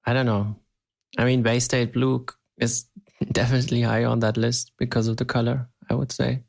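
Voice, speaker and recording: Gravelly-voiced man, hesitant podcast co-host. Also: medium pitch, level tone, normal speed, a little mellow. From Europe. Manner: hesitant, laughs often. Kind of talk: casual chat.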